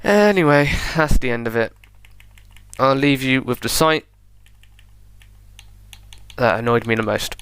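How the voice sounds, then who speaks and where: A man's voice: medium pitch, a little slow, pauses often, fairly bright tone, clear, resonant tone. A young man giving casual, chatty commentary over a racing game replay, thinking aloud and correcting himself. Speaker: gaming video creator.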